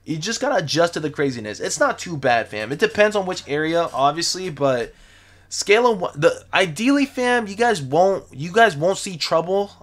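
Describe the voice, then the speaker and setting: A man's voice: fairly high pitch, very animated, moderate pace. A young man hosting a livestream, chatting casually and reading out viewer comments in a laid-back, slangy way, often repeating himself. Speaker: sneaker livestream host. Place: home, lives in the city.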